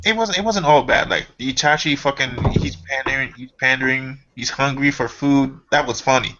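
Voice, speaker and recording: Joking guy on a group call, bright sharp voice, swears a lot, lo-fi sound with typing. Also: medium pitch, moderate pace, a little hiss or hum. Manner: loose, joking, swears freely. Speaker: panelist. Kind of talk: casual group chat on a call. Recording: muffled lo-fi call audio with keyboard clicks.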